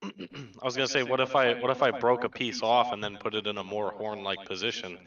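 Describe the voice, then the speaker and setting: A man's voice: medium pitch, fairly even intonation, brisk, a bit bright, roomy sound, far from the mic, lo-fi sound. A man playing in a tabletop game, boastful and playful, often restarting his sentences. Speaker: player. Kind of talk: in-character tabletop play.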